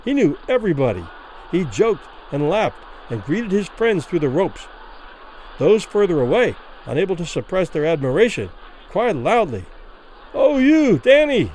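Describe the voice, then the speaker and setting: A man narrating a classic short story as a vivid, expressive dramatic reading. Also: on the high side, moderate pace, slight background noise, poor audio.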